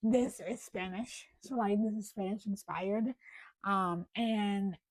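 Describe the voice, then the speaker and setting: Losing her voice, a young book vlogger with an American accent chats loosely about books to the camera, full of fillers. She speaks slowly in a mid-range voice, captured on a low-quality recording without echo.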